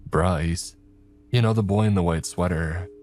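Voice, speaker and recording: A man's voice: sits low, measured pace, a little mellow. A man voicing a nervous teenage boy who stammers and hesitates, in a horror story reading.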